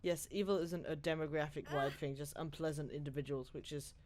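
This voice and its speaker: A woman's voice: deep voice, fairly even intonation, a little fast, darkish tone. A woman streaming a video game, chatting casually and rambling as she plays, swearing and laughing at her mishaps. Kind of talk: casual gameplay commentary.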